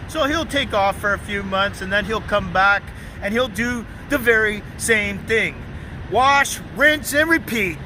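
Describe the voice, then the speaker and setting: A man being interviewed, telling an animated and mocking story with lots of emphasis. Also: high-pitched, measured pace, a little hiss or hum, poor audio.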